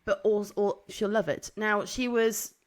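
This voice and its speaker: A young woman co-hosting a casual podcast chat, telling lively stories and breaking into loud laughter. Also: medium pitch, normal speed. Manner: animated storytelling, bursts into loud laughter. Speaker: podcast co-host.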